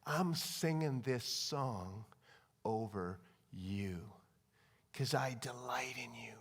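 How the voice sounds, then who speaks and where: A man voicing God speaking tenderly, lowering his voice to a hushed, loving whisper. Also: moderate pace, natural voice. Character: tender, gentle voice of God, male. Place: conference hall. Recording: long reverb of a large hall.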